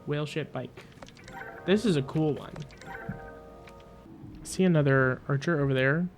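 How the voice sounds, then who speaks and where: A man giving excitable, chatty commentary as he plays a game and reads its text aloud. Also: a little high, a little slow, soft background music. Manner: excitable, chatty, exclaims loudly. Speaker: gaming streamer.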